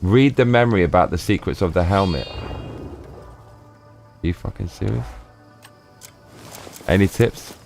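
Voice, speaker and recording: Man, low voice, live game streamer, muttering, frustrated reactions. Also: slow pace, creaky, long pauses, darkish tone, faint music behind. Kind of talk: live gameplay commentary.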